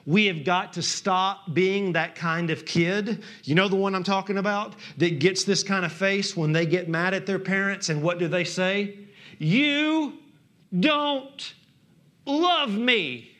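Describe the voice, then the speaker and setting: A male pastor with a Southern accent preaching a sermon, swinging from hushed, drawn-out words to loud, impassioned emphasis. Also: high-pitched, steady tone.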